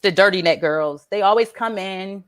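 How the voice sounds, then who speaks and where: A woman's voice: mid-range voice, normal speed, heavy background noise. A woman doing a stand-up comedy set, brash and profane, often laughing at her own jokes. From Atlanta, Georgia.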